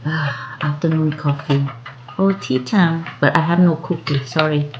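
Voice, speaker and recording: A woman's voice: low voice, highs cut off, noisy background. A Thai woman in her fifties whose first language is Thai, chatting casually to her vlog viewers in broken English with a Thai accent. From Thailand. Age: 50s. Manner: chatty, broken English, drawn-out friendly phrases. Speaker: vlogger. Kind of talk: casual chat to camera.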